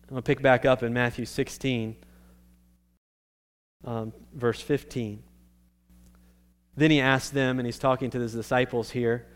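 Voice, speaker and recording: A man's voice: medium pitch, little pitch movement, a little slow, long pauses. A male pastor preaching a sermon in a conversational way, checking in with his listeners and restarting his phrases.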